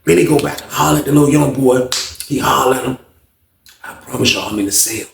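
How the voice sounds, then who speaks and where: A man telling a story in a casual, animated way, with lots of slang and swearing, acting out the lines of the people in it and talking straight to his listeners. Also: medium pitch, quick pace, gravelly, roomy sound, recorded from a distance, slight background noise.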